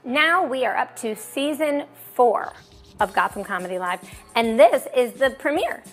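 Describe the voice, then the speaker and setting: A woman's voice: fairly high pitch, expressive, unhurried, soft background music. A woman hosting a comedy showcase, bantering in a wry, campy way. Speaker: show host.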